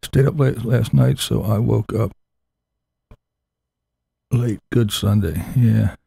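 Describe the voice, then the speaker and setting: A man's voice: fairly low pitch, slow, vocal fry, dark tone, breathy edge, dry recording. A man hosting a laid-back, crude morning live stream chat, talking to viewers in the chat.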